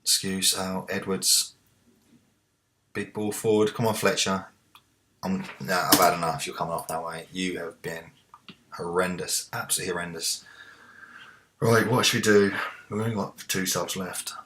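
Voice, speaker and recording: A man commentating live on a football management game, muttering to himself and then shouting at the players. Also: sits low, moderate pace, pauses often, slight background noise. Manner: talks to the players, swings from muttering to excited shouts. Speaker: let's play host.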